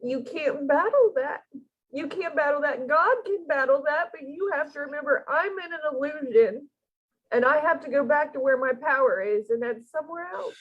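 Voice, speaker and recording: A woman speaking in a gentle, earnest way as she gives spiritual counseling in a channeling session. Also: high-pitched, expressive, normal speed, lo-fi sound. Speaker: channeling medium.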